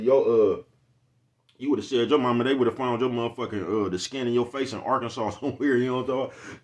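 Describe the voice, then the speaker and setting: A man's voice: medium pitch, a little mellow. A man in a casual, rambling vlog monologue, cursing freely and asking "you know what I'm talking about" again and again. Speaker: vlogger.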